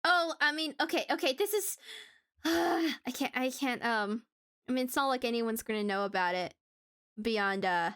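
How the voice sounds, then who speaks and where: A woman's voice: high voice, unhurried, fairly bright tone, clear, resonant tone. A woman streamer chatting casually with her viewers while drawing, giggling often and stumbling over restarts.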